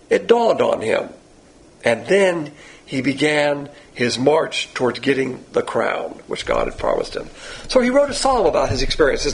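Guy preaching a sermon, gravelly voice, pitch jumping all over, blunt and pushy with lots of questions. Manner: emphatic, blunt, with rhetorical questions; pointed, confrontational preaching. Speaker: Bible teacher.

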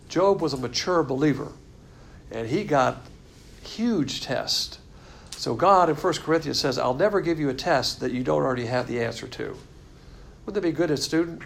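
Gravelly man giving a folksy Bible study. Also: on the high side. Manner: folksy, blunt, conversational. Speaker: Bible teacher. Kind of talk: casual sermon.

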